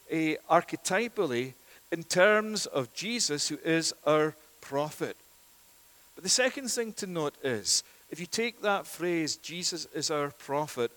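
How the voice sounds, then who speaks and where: A man delivering a sermon in an earnest, emphatic manner, his voice sitting a little high for a man. He repeats key phrases for stress, swells in force at the main points and drops quiet and low on solemn lines. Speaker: preacher.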